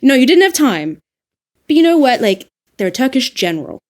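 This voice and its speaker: A woman with an Australian accent, an audiobook narrator talking through her craft in a casual, animated podcast discussion. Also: high-pitched, brisk. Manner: animated, reflective, frequent laughs and fillers.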